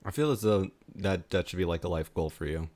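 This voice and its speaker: A man's voice: low-pitched, brisk, a little mellow. An American man interviewing someone in a casual chat, playful, swearing casually and laughing a lot. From United States.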